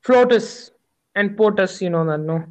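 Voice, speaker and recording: A man's voice: high voice, normal speed, darkish tone, slight background noise. A man chatting casually with friends, teasing and explaining things to them. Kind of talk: casual chat.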